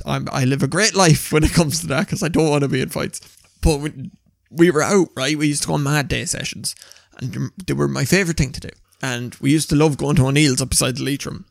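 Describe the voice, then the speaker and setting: A young man telling stories on a podcast, animated, laughing often and swearing casually. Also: fairly high pitch, vocal fry, no echo, clean studio sound. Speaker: podcast co-host. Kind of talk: casual chat.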